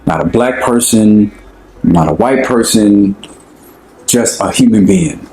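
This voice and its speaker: A young American man with an African American accent, talking casually and relaxed about his own experiences, with lots of slang. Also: fairly low pitch, takes it slowly, reverberant, poor audio. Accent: African American English. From United States. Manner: relaxed, conversational, slangy, often asks "you know what I'm saying". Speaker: interviewee. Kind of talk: casual personal talk.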